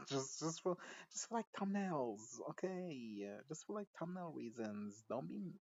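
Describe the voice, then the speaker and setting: A man's voice: fairly high pitch, very animated, a little slow, creaky, a little mellow, highs cut off. A man casually recapping a TV episode, rambling and swearing, often giggling and cutting himself off mid-sentence. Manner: rambling, profane, giggly, self-interrupting. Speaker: show recap reviewer.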